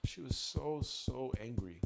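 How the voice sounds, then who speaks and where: Gravelly man venting in a raw monologue. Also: mid-range voice, expressive, unhurried, loud music behind the voice. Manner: raw, profane, swinging from ranting to quiet reflection. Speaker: EFT tapping coach. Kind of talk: emotional personal monologue.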